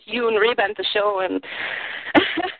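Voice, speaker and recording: A woman from Germany with a German accent, calling in excitedly and giggling between sentences. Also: medium pitch, unhurried, dry recording. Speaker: caller. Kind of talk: phone call-in chat. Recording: tinny phone line.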